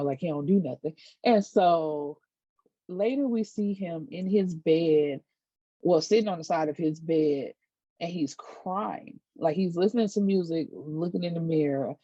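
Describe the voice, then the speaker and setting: A woman's voice: on the low side, no echo, muffled recording. Chatty woman recapping an episode. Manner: chatty, animated retelling with acted quotes and casual asides. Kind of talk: casual chat.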